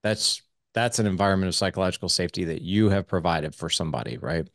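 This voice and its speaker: Deep-voiced man, lively guest talk. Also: fast, gravelly, no echo, studio quality. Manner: energetic, acts out quoted dialogue; casual, swears lightly. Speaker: podcast guest, parenting coach. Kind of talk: casual interview conversation.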